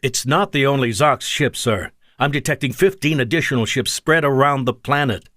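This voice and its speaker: A man's voice: mid-range voice, normal speed, a bit bright, no room sound, studio quality, voice pushed up, close to an everyday voice. A man voicing an alarmed young male starship officer, speaking urgently in a raised voice. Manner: urgent and tense.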